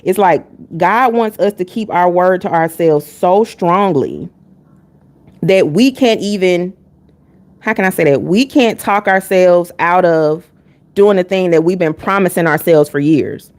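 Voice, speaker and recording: A woman's voice: lowish voice, measured pace, darkish tone. A woman reading tarot on a live stream, talking casually and bluntly. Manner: candid and blunt, chatting with chat between readings.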